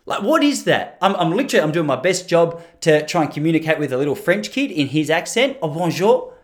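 Lively Australian man rambling jokily. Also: fairly high pitch, fast talker. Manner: rambling, jokey and self-deprecating, full of restarts. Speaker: vlogger. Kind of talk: casual to-camera monologue.

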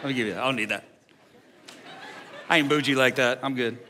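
A man's voice: mid-range voice, quick pace, crowd noise, background noise. A man in his forties, a senior pastor, talking candidly and emotionally to a young adult congregation, joking and interrupting himself. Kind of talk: preaching to a young adult service. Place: large church auditorium.

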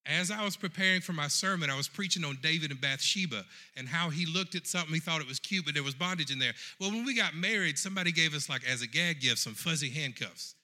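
A man preaching a sermon with a very bright, forceful tone that carries over the room. His pitch sits a little high for a man, and he keeps calling out to the congregation as he tells his story. He sounds middle-aged and fully animated in the pulpit. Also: fast, few pauses. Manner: animated, addresses the congregation directly.

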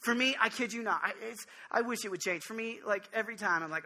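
A man giving an informal sermon on prayer, earnest and jokey, with quick restarts and direct questions to his listeners. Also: high-pitched, bright, forceful tone. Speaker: preacher.

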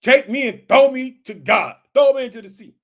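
A runaway prophet, calm and resigned, as a man puts him on, speaking in a casual, plain-spoken way. The voice sits very high. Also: slow, dull audio, full character voice.

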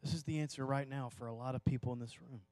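A man preaching a sermon to a church audience, telling a personal story that swells into impassioned pleading and drops to hushed, slow emphasis. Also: mid-range voice, steady tone, no room sound. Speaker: pastor.

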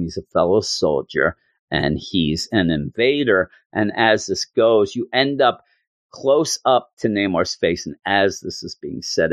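A man's voice: on the low side, no echo. A man hosting a podcast, chatting casually and jokily as he reviews a comic book. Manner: rambling, jokey, animated retelling. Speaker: podcast host.

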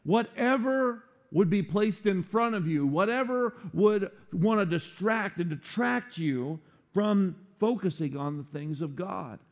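A man preaching a sermon, animated and playful, acting out quotes for humor. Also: on the high side. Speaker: pastor.

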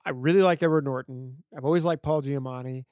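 A man co-hosting a movie podcast, chatting casually about films with relaxed, filler-heavy talk. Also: medium pitch, quick pace, dry recording, clean studio sound. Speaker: podcast co-host. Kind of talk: casual film discussion.

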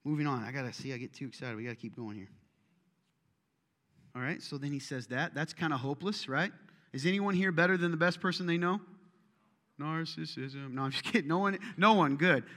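A man's voice: fairly high pitch, a little fast. Man, pastor, sermon, joking asides, long hall reverb. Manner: animated, joking, self-deprecating asides. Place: church auditorium.

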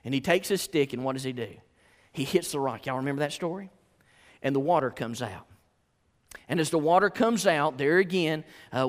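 A man preaching a sermon, telling a story with folksy asides and repeated rhetorical questions. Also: mid-range voice. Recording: echoey hall.

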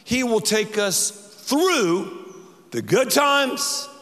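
Male pastor, bright high voice, emphatic and repetitive, big hall reverb. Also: very animated, drawn-out words. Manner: emphatic, repetitive preaching, leads the congregation in call-and-response. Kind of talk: sermon.

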